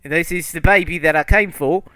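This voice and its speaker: A man's voice: on the high side, normal speed, bright, forceful tone, smooth, no echo, faint music behind, pitched above the performer's own voice. A man voicing a blood-caked winged male creature with claws, sly and taunting, in a tabletop game. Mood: insistent.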